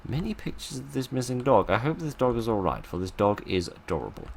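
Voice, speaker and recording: A man's voice: mid-range voice, big pitch swings, a little fast, vocal fry, slight background noise. A man giving casual, wry commentary while playing a game, full of sarcastic asides. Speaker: let's play host.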